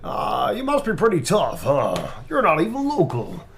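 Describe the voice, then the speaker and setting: A man's voice: a little high, wildly swooping pitch, normal speed, voice pushed up. A man doing Lord Heisenberg, taunting. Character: arrogant, taunting male aristocrat villain.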